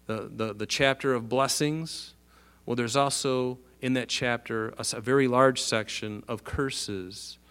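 A man preaching a sermon. He reads scripture aloud, explains it and asks his listeners rhetorical questions, speaking earnestly and with emphasis. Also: mid-range voice. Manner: earnest, emphatic, rising for quoted verses. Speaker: pastor. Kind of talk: sermon, reading and expounding scripture.

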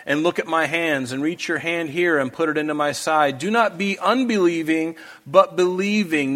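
A man's voice: fairly high pitch, a bit bright. A man preaching a sermon to a congregation, earnest and emphatic, pressing his listeners with pleading questions. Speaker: pastor. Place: church hall with a congregation.

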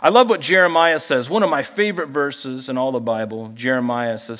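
A man preaching a sermon as pastor, lively and animated, acting out people he quotes. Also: fairly quick, few pauses, long reverb tail. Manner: animated, acts out quoted people in higher voices.

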